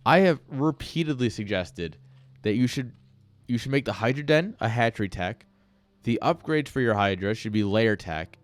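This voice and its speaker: A man's voice: fairly low pitch, clean tone, dry recording. A man casually commentating a live video game match, ranting and joking while chatting with viewers. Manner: rambling, ranting, jokey, chats with viewers. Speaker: esports caster and streamer.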